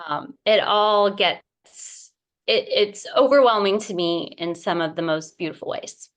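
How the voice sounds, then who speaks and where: A middle-aged woman author in a casual interview, talking emotionally and effusively, with many pauses and fillers. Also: medium pitch. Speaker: picture book author, guest.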